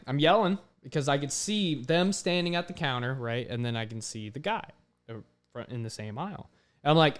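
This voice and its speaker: A young man, a podcast host, telling a story in casual chat, animated, swearing often and filling his talk with "like". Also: a little high, brisk, smooth.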